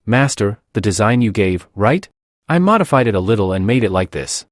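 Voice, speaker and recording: A man's voice: fairly low pitch, sing-song, a little fast, no room sound. Brief: male narrator doing a dramatic young woman, dry close sound. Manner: dramatic, exclaiming.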